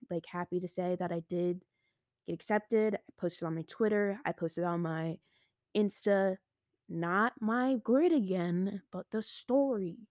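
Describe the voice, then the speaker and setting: A teenage girl hosting her own podcast, talking casually and excitedly with lots of "like" and "I was like", recorded close and dry. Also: medium pitch, no room sound. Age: teens. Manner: chatty and excitable, heavy use of "like" and "I was like". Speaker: podcast host. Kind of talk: casual solo podcast monologue.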